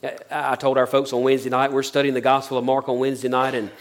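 A man preaching a sermon as pastor, talking plainly and dropping his voice low on key points. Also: monotone, quick pace. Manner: conversational preaching, sudden drops to near-whispers.

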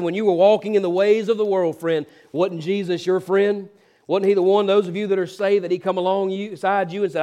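High-voiced preacher man. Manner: storytelling, acts out characters' voices, swings from loud to hushed. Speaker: pastor. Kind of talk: sermon.

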